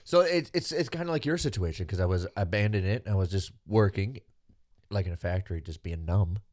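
A male interviewer with a very low voice who keeps the talk easy and conversational. He agrees often and trades stories of his own with his guest. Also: animated, brisk, a little mellow. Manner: agreeable, with frequent affirmations. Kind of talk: casual conversation.

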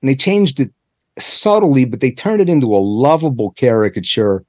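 A man's voice: medium pitch, expressive, moderate pace, darkish tone, dry recording, studio quality. A man from the Pittsburgh area, an author being interviewed, who tells long stories with asides and restarts. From Pittsburgh area, United States. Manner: chatty storyteller, many asides and restarts. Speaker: author guest. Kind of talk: conversational interview.

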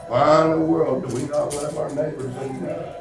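A man preaching an earnest sermon at a church service, telling stories and slowing down to read scripture. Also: fairly high pitch, fairly even intonation, vocal fry, background noise. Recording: echoey church room with music behind.

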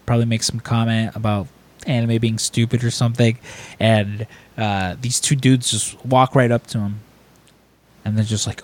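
A man hosting a podcast, telling stories in casual chat, rambling and acting out other people's lines in raised voices. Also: fairly low pitch. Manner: rambling, animated, acts out quotes in raised voices. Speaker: podcast host.

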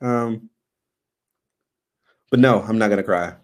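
A man's voice: on the low side, unhurried, long pauses, background noise. Rambling man signing off his stream. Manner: loose and rambling, many ums. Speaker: live stream host. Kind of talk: casual live stream sign-off chat.

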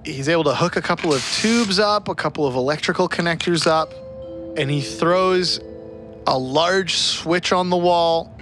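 A man narrating scenes as game master of a tabletop game, in steady, descriptive storytelling. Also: on the high side, normal speed.

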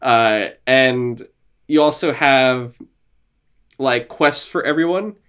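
Male podcast co-host, casual and animated, quick to laugh and mimic. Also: mid-range voice, smooth. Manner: animated, laughing, acts out quotes. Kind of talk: casual gaming chat.

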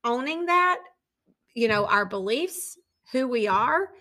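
Bright, high-voiced woman podcast host. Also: slow pace. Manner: laughs often, lively storytelling. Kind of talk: casual conversation.

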